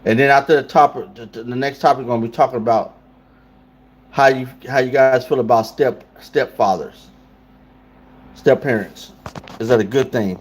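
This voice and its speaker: A man's voice: medium pitch, fairly even intonation, moderate pace, long pauses. A man hosting a casual livestream, talking loosely and in slang straight to his chat. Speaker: livestream host.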